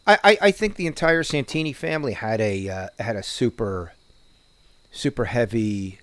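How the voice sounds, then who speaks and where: A man's voice: medium pitch, normal speed, a bit bright, dry recording. A man with a New Jersey accent, chatting casually as a podcast co-host, rambling and profane with many restarts. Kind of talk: casual chat.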